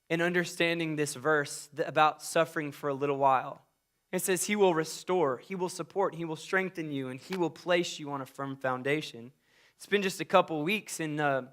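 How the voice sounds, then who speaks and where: A high-voiced pastor preaches a sermon in an emphatic, personal style, swinging between loud urging and quiet confiding.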